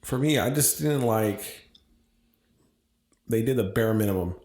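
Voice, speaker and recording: A man with an American accent co-hosting a casual podcast, talking in an animated, opinionated way and swearing freely. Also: fairly low pitch, measured pace, reverberant. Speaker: podcast co-host. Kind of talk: casual chat.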